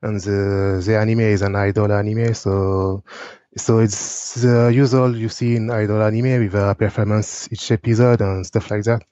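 A man's voice: fairly low pitch, level tone, normal speed, dark tone, dry recording, highs cut off. A man from France with a French accent, co-hosting a casual podcast and talking hesitantly with lots of fillers. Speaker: podcast co-host.

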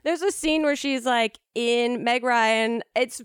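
A woman co-hosting a podcast in casual chat, animated and quick to exclaim and laugh. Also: fairly high pitch, clear, resonant tone, dry recording, clean studio sound. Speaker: podcast co-host.

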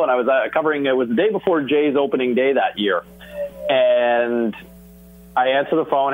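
A man's voice: medium pitch, moderate pace, soft background music. A middle-aged man from Canada telling a story about his broadcasting career in a casual interview, acting out bits of dialogue. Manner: animated, acts out phone dialogue. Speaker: sports broadcaster guest. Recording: tinny phone-like audio.

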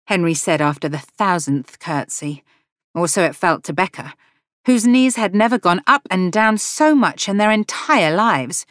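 A woman narrating a novel as an audiobook, gently voicing each character in the dialogue. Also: fairly low pitch, normal speed, dry recording, studio quality. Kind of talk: scripted narration.

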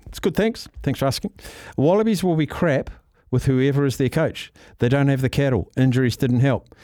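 Male sports radio host, casual and chatty, mellow voice. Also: mid-range voice, clean tone, dry recording, studio quality. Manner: chatty, loose, reads out listener texts.

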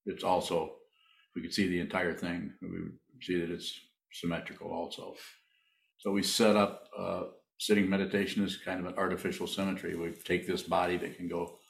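A man leading a meditation Q&A, speaking slowly and haltingly, often repeating his phrases. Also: low voice, gravelly. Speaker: meditation teacher. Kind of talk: Q&A in a dharma talk. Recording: echoey room from far off.

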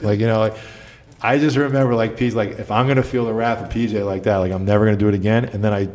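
Low-voiced man telling coaching stories. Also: quick pace. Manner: animated storyteller, acts out quotes. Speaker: basketball coach guest. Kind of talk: casual storytelling chat.

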